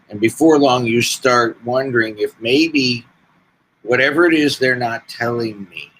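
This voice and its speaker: A man in his sixties telling his life story as a podcast guest, slow and deliberate with pauses. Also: on the low side, a bit bright, a little hiss or hum, low-quality recording. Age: 60s. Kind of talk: personal storytelling.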